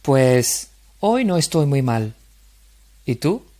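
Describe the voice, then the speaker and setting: A man with a Spanish accent reading a Spanish woman's lines in a beginner's dialogue, slow and clear for learners. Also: medium pitch, very animated, warm tone. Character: Spanish woman meeting a stranger.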